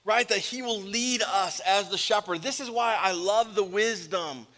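A man delivers a sermon with a high, bright voice, pushing hard on key lines and dropping low and gentle for stories. The recording carries a long reverb from a large church hall. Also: measured pace. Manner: expressive, swings from loud emphasis to soft storytelling. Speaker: pastor.

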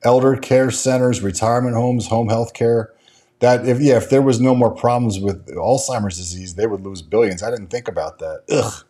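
A man's voice: medium pitch, moderate pace, mellow. A man hosting a casual stock market livestream, talking in a rambling way with many restarts and fillers as he reads and answers viewer chat. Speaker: stock market show host.

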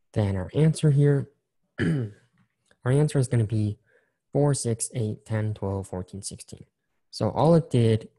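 A man with a low, very dark and mellow voice teaches an engineering class. He talks casually and repeats his key point, counting through examples one step at a time. Keyboard clicks tap along behind him as he types. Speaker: engineering instructor. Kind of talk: recorded screen-share lecture.

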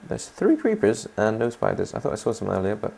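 A man with a low, gravelly voice talks his way through a let's play video. He rambles casually as he builds and keeps inviting viewers to chime in. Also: big pitch swings, a little fast, darkish tone. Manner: rambling, chatty, asks viewers to comment. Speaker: gaming channel host.

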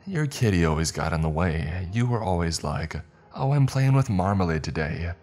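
A man's voice: deep voice, lively intonation, moderate pace, a little mellow, soft background music. Give me a man putting on a cruel, taunting teenage girl with a giggle in her voice. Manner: taunting, giggling, sing-song menace. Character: gleeful psychopathic teenage girl, cruel and mocking.

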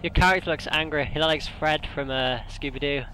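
A man's voice: on the high side, fairly even intonation, a little fast, sharp tone. A young man hosting a let's play, panicky and out of breath, swearing and jumpy as he plays. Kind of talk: casual gaming commentary. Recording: noisy home recording.

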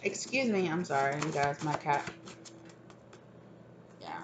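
A woman's voice: low voice, animated, a little slow, a little hiss or hum. A woman giving a casual tarot card reading at home, talking frankly and often laughing as she goes. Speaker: tarot reader.

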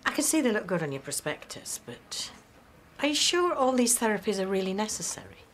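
A woman's voice: medium pitch, sing-song, brisk, slight background noise, lightly acted. An actress playing a visiting female doctor who is polite but doubtful. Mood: skeptical. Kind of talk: TV drama acting.

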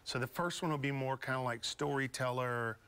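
A man from Beaumont, Texas, rambles easily through stories as a studio guest. His voice is bright, and his tone is relaxed and full of fillers. His pitch sits in the middle range. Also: a little fast, clean tone. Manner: rambling, easygoing, many fillers. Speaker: guest musician. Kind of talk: casual storytelling interview.

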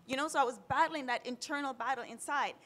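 A woman's voice: sits high, quick pace, a bit bright. A woman in her thirties from Jamaica, telling her own story on a panel in a candid, emotional way, close to tears at times. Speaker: panelist sharing personal story. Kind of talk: personal testimony on a panel.

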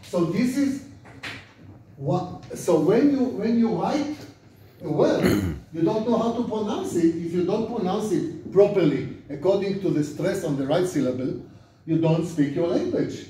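With a high-pitched, expressive, mellow voice, an older Israeli rabbi lectures a bit slowly and casually to his class. He asks students questions and drills them by repeating words. The echoey room, faraway microphone, and faint noise give the recording a hollow quality.

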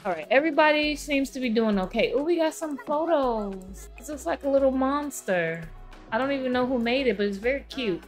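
A woman hosting a casual let's-play, chatting to her game characters and viewers, her throat rough from allergies. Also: sits high, expressive, brisk, faint music behind. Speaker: gaming channel host.

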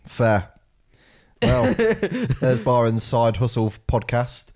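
A young man, co-hosting a podcast in casual chat, often laughing and acting out what others said in a gruff voice. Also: mid-range voice, very animated, takes it slowly, darkish tone. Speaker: podcast co-host.

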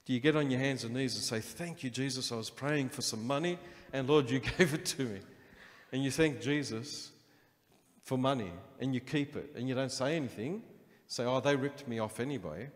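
Preaching man, in a reverberant hall. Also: medium pitch. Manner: animated preaching with acted-out inner voices. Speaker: pastor. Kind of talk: sermon. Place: church hall.

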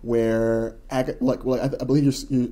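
A man's voice: mid-range voice, level tone, normal speed, warm tone. A man co-hosting a podcast, talking in a loose, rambling, enthusiastic way with lots of fillers. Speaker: podcast co-host. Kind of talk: casual chat.

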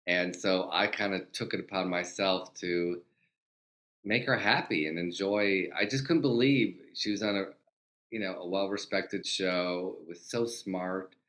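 Older male guest, low register, animated anecdotal delivery with acted-out quotes and casual swearing. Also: a little slow. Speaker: guest, TV comedy writer. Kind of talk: casual storytelling interview.

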